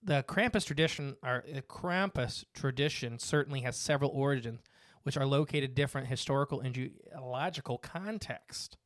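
Male podcast host, relaxed chatty delivery, reads from notes, dry close sound. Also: medium pitch, moderate pace, no echo. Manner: reads notes aloud with fillers and asides. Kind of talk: casual podcast chat.

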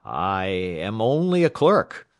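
A man's voice: low-pitched, very animated, slow pace, no echo, clean studio sound, heavily acted. A man doing a quavering, pompous clerk. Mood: frightened. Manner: quavering, stammering when scared. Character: pompous young male railroad clerk, easily frightened.

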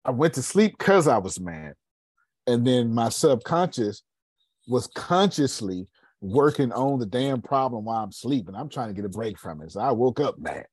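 A man's voice: medium pitch, big pitch swings, normal speed, a little mellow, husky, dry recording. A man hosting a podcast in casual live coaching talk, emphatic, repeating phrases and calling listeners by name. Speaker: podcast host.

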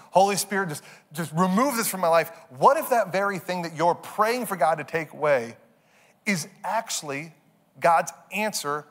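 A man's voice: a little high, a bit bright. A male pastor preaching a sermon in a conversational way, repeating phrases and acting out little asides.

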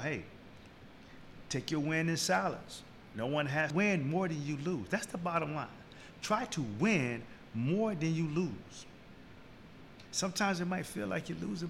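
A man hosting a podcast, giving a preachy motivational talk, repeating key lines and building from slow and low to loud and high. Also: vocal fry, a little hiss or hum. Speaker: podcast host.

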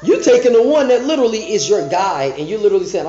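In a bare-sounding room with dull, echoey audio, a podcast Bible teacher with a fairly high, mellow, sing-song voice walks through scripture conversationally. He slows way down to read each verse, then drifts back into restarts and side comments.

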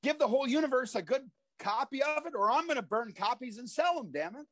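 High-voiced man telling animated stories. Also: fast talker, dry recording. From Iowa, USA. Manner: animated storyteller who acts out voices. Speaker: podcast guest, former pro wrestler. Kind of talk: casual interview storytelling.

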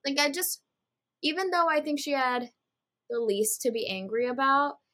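A woman's voice: sits high, animated, normal speed, bright, forceful tone. Woman podcast co-host, casual and chatty, fillers everywhere, acts out quotes as she recaps. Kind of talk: casual reality-TV recap chat.

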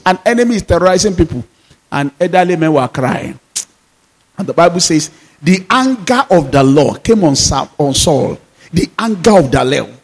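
A man's voice: high voice, rough recording. A man preaching a sermon as pastor, emphatic and full of repeated rhetorical questions.

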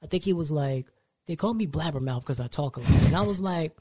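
A young man hosting a podcast chats casually in a husky, slightly high voice at a fairly quick pace. He tells stories with lots of animation and slips into other people's voices when quoting them.

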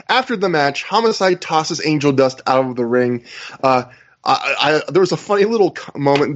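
A man hosting a podcast, recapping events in a relaxed, casual way with fillers. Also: fairly high pitch, lo-fi sound. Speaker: podcast host. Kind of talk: casual chat recapping wrestling.

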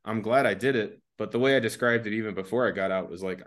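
A man's voice: on the low side, fast. A man from the United States, a podcast guest and army veteran, telling a rambling, laid-back story and laughing along as he goes. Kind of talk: casual anecdotal storytelling.

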